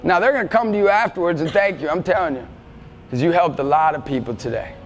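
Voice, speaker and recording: High-voiced guy fired up talking to students, big hall echo, faint music. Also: fast talker. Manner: energetic, shouts to rally the audience. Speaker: motivational speaker at schools. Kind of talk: fired-up motivational talk to students.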